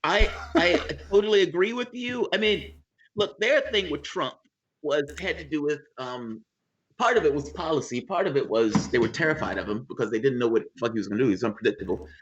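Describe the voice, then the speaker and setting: A man's voice: a little high, brisk, muffled recording. A man as guest in a casual political chat over a video call, emphatic and profane.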